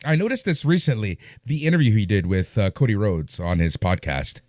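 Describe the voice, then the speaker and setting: A man co-hosting a podcast, chiming in with short remarks and quick recaps. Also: fairly low pitch, lively intonation, darkish tone, no echo, studio quality. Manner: brief interjections and quick recaps. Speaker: podcast co-host. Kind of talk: casual wrestling chat, recapping.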